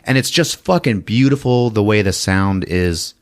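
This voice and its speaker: Lowish-voiced guy cussing a lot while he recaps a movie, voice jumps all over. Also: moderate pace. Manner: profane, animated storyteller. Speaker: podcast host recapping a film. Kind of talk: casual film recap.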